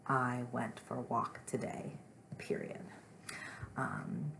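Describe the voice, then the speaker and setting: A young woman teaches small children in a gentle, patient way. Her voice sits low with a gravelly edge of fry, and she reads her examples with big, playful expression. A faint hiss runs under the recording. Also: steady tone, slow pace. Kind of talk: remote lesson for young children.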